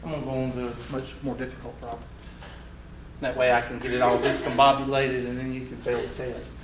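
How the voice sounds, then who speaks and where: In a medium-pitched, level voice, slightly fast, a Southern-accented man gives a math lecture full of folksy jokes. The background is noisy and the echoey classroom is captured from a distance.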